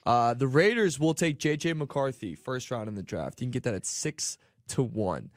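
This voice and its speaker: A man's voice: medium pitch, animated, normal speed, no room sound, clean studio sound. A man co-hosting a sports betting show, laid-back and offhand. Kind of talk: casual sports talk.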